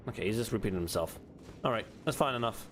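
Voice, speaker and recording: A man's voice: fairly low pitch, lively intonation, fast talker, fairly bright tone, a little hiss or hum. Man joking through his game stream. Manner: joking, talking back to characters. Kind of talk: casual gameplay commentary.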